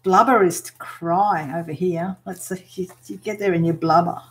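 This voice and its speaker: A woman's voice: on the low side, steady tone, normal speed. An Australian woman chatting casually on a live stream as she works on a craft, laughing often as she explains slang to viewers. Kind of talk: casual live chat while working.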